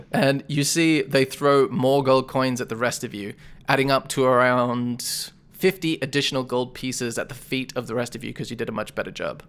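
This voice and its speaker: A game master narrating a tabletop game, relaxed, with loose narration and easy laughter. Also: mid-range voice, moderate pace, slight background noise.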